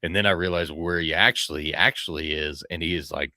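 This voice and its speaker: A man's voice: a bass voice, fairly even intonation, fairly quick, bright, forceful tone, no room sound, clean studio sound. A man hosting a podcast, telling a hunting story in a casual, rambling way, swearing freely and acting out his own lines.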